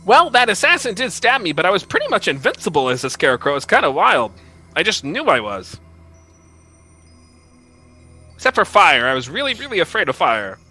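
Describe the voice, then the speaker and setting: A man's voice: sits high, wildly swooping pitch, fast talker, sharp tone, faint music behind, pitched above the performer's own voice, heavily acted, poor audio. A man doing a rambling young prince. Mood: casual. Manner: rambling, self-important storytelling. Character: young human prince, freshly uncursed, boastful.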